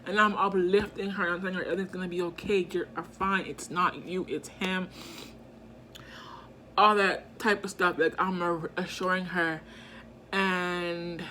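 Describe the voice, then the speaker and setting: A woman's voice: on the low side, pushed and bright, a little hiss or hum. A young woman telling a storytime in a casual, chatty way, full of slang and fillers. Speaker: vlogger.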